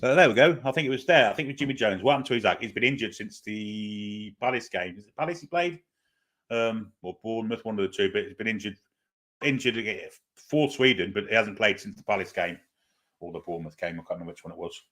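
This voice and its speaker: A man's voice: fairly low pitch, fast talker, a bit bright. A man hosting a live football watchalong, chatting casually, hesitating with lots of fillers and reading viewer comments aloud before answering them. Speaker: host of a football fan watchalong stream. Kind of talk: casual live-stream chat and pre-match commentary.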